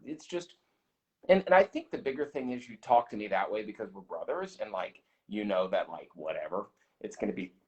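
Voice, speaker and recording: A man's voice: lowish voice, expressive, fairly quick, a little mellow. Earnest man giving candid feedback. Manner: earnest, reflective, full of restarts. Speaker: guest, host's twin brother. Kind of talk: casual radio chat.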